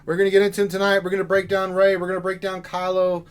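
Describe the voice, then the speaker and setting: A man's voice: high-pitched, completely flat delivery, quick pace, smooth. Rowdy joking male stream host. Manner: rowdy, joking, talks straight to chat. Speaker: livestream co-host. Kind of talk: casual livestream chat.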